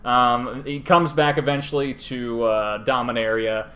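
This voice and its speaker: A man's voice: mid-range voice, fairly even intonation, unhurried, bright, forceful tone. Rambling, irreverent man podcast host. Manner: rambling, filler-heavy, irreverent. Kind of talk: casual lore retelling.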